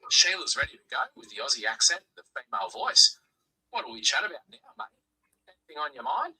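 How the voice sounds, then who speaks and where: Brief: lively, bright synthetic male assistant voice, breezy and friendly, faint hiss. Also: mid-range voice, fast, rough recording. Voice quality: synthetic, evenly chipper. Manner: breezy, friendly, calls everyone mate. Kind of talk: synthetic conversational replies.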